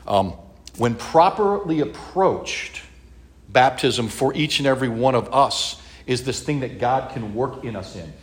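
A man preaching in a relaxed, conversational way, teaching from scripture. His voice sits at an ordinary middle pitch, and he keeps turning to his listeners to check they follow, with the odd light joke. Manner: casual, checks in with listeners, humorous asides. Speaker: pastor.

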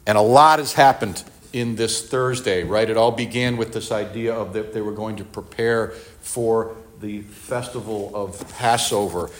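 A man delivers a sermon in a lowish voice. He talks in a casual, conversational way and acts out the quotes with animation. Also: a little slow, hardly any pauses. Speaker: pastor.

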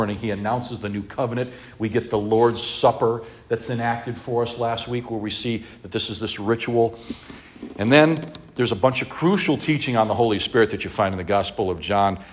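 A man delivers a sermon in a lowish voice. He talks in a casual, conversational way and acts out the quotes with animation. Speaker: pastor.

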